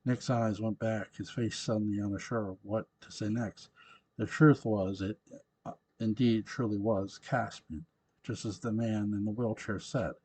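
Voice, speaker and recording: Low husky man reading a novel. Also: fairly even intonation, a little slow, dark tone, low-quality recording. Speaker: narrator.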